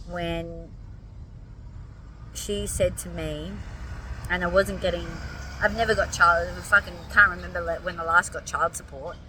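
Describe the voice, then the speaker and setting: Hoarse tired aussie woman, kinda low voice, mic a bit far off, faint car noise behind. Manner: earnest, vowing, swears casually. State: hoarse, fatigued. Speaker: vlogger addressing followers. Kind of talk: emotional direct-to-camera talk.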